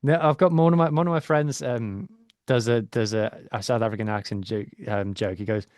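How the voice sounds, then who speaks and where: A man's voice: mid-range voice, steady tone, a little fast, darkish tone, dry recording. Playful podcast co-host man, dry sound. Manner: playful, laughs often. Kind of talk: casual chat.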